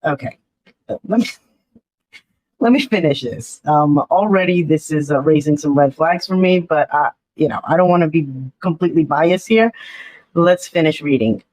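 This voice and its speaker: A vlogger talking straight to the audience in a loose, chatty way, full of ums and uhs and doubtful asides. The pitch sits in a middle range. The sound is dry and close, with no room echo. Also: normal speed, darkish tone. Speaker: commentary vlogger. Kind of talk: casual gossip commentary.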